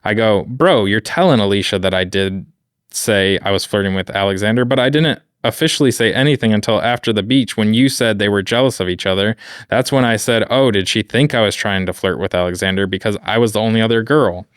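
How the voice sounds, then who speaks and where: A man's voice: fairly low pitch, fairly quick, clear, resonant tone, no echo, studio quality. A man co-hosting a podcast, reading a story aloud in a laid-back way with profane, wry asides. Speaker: podcast co-host reading stories. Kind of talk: casual chat and reading aloud.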